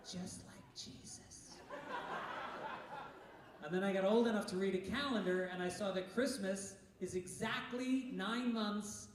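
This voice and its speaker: A middle-aged man doing a live stand-up set at a comedy club. He has a punchy, brash delivery with bursts of shouting. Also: high voice, normal speed, hardly any pauses. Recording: very echoey room, distant mic, noisy.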